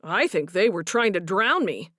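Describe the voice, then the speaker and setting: A woman's voice: mid-range voice, very animated, normal speed, a bit bright, no echo, studio quality. A woman doing a wry young man.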